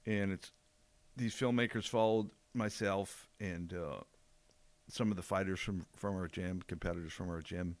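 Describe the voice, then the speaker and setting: An older man chats easily on a podcast in a very low, deep voice. The sound is dry and close, with no room around it. He drifts and trails off mid-thought. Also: steady tone, moderate pace, no echo. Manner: easygoing, trails off mid-sentence. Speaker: podcast co-host, jiu-jitsu black belt. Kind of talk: casual podcast chat.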